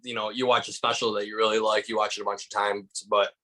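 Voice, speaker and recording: A man's voice: fairly low pitch, fast talker, rough recording. A young man from Michigan, a stand-up comedian and podcast guest, telling stories in casual chat full of "like" fillers. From Michigan, USA. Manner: animated storyteller, heavy use of "like" fillers.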